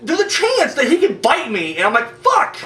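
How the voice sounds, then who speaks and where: A man ranting casually to camera, animated and profane and jokey, with quick acted-out asides. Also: very high voice, echoey room, far from the mic. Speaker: video blogger.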